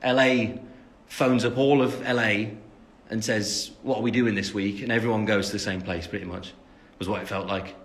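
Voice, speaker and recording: A man's voice: on the low side, fairly even intonation, moderate pace. Rambling young English man on a livestream. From England, West Midlands. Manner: chatty and rambling, reads out fan questions, many ums. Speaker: singer answering fans on a livestream. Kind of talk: casual live-stream Q&A.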